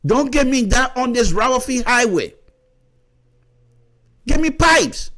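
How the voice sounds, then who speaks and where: Liberian man, radio commentator, high and highly animated delivery, lecturing tone. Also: slow pace. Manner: lively, lecturing, repeats words while explaining. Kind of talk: opinionated radio talk.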